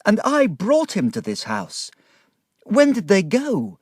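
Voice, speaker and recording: A man's voice: high voice, huge pitch swings, slow, no room sound, clean studio sound, voice pushed up, heavily acted. A man voicing an earnest young man in a storybook reading. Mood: alarmed. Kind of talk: audiobook character voice.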